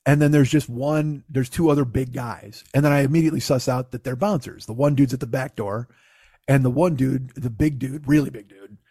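A man casually telling a long funny story, profane and animated, acting out the other people's lines. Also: mid-range voice, fairly quick, breathy edge, dry recording, clean studio sound. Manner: profane, animated, acts out quotes.

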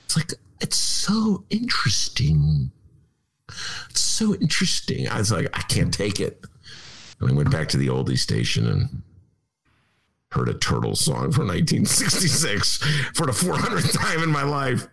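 A man's voice: lowish voice, huge pitch swings, moderate pace, vocal fry, fairly bright tone, husky. A man hosting a talk radio show, joking casually and mocking people in put-on voices. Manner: wisecracking, acts out quoted people in mocking voices.

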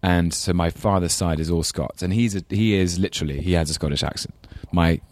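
Deep-voiced London man, thoughtful. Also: fairly quick, darkish tone, no room sound. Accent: London English. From England. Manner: thoughtful, self-deprecating, many restarts. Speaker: guest, actor. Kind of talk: casual interview chat.

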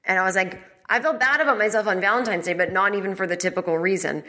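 Bright-toned exasperated woman podcast host. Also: medium pitch, fast. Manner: rambling, exasperated, swears freely. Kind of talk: casual comedic storytelling. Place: at home.

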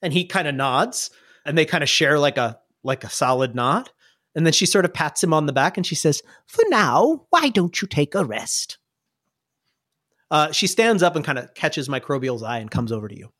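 A man with a somewhat high voice narrating a tabletop game as game master. He rambles in a relaxed way, filling pauses as he describes scenes. The sound is dry and close. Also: no echo.

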